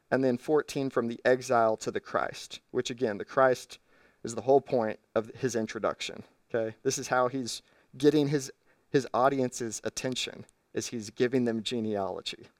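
A man's voice: mid-range voice, no room sound, studio quality, far from the mic. A man preaching a sermon from a church stage, teaching his congregation step by step in an earnest way. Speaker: pastor.

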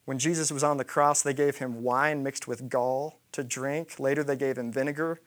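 A man's voice: mid-range voice, steady tone, normal speed, fairly bright tone. A man preaching a sermon, retelling a scripture story and acting out the quoted lines. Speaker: pastor.

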